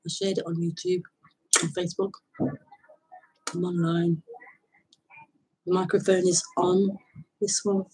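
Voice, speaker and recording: A woman hosting a live spiritual talk, speaking in a relaxed, hesitant way, repeating words and laughing softly between thoughts. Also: lowish voice, slight background noise, low-quality recording. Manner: slow, hesitant, halting speech that repeats words. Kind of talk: casual, reflective live talk.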